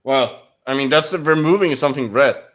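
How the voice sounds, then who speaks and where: A man's voice: mid-range voice, brisk, fairly bright tone. A man with a Danish accent, co-hosting a casual game stream and thinking aloud with frequent restarts. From Denmark. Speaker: co-host.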